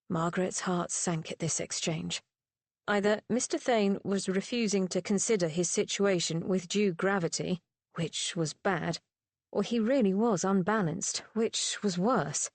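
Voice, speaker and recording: A woman reading a romance audiobook aloud in an expressive narration style, recorded on a close studio mic. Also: medium pitch, unhurried, no echo. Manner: expressive, voices the characters. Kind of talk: scripted narration.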